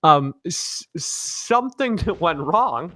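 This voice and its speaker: A man's voice: on the high side, expressive, slow pace, pushed and bright, no echo. A man casting a mobile shooter esports match live, breaking down plays with joking, analytical banter. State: tired from no sleep. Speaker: esports caster.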